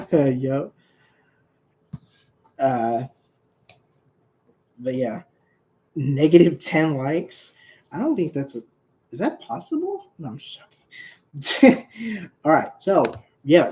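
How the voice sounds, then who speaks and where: Slow, mellow young guy chatting. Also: on the high side, animated. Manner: rambling, joking, laughs often, gets worked up and shouts. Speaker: comic creator streaming. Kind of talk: casual livestream chat.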